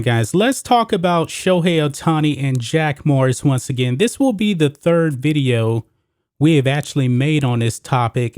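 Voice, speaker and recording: This is a man with an ordinary mid-range voice hosting a sports opinion show. He talks emphatically and climbs in pitch when he hits a point. The sound is close and dry. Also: a little mellow, no echo. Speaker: sports commentary host. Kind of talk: opinionated solo commentary.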